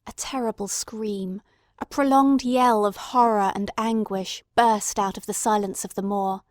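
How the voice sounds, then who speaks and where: A woman giving steady, dramatic scripted narration of an audiobook. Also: medium pitch, measured pace, dry recording, studio quality.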